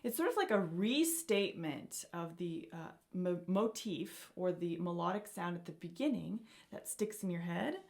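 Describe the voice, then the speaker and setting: Woman, piano teacher, beginner lesson, encouraging, gravelly fry, checks in often. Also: lowish voice, expressive, normal speed, few pauses, a little mellow.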